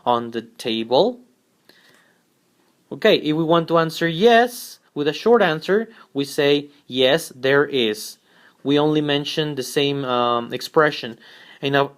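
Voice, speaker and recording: A man teaching an English grammar lesson, speaking slowly and repeating each example sentence twice. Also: on the high side.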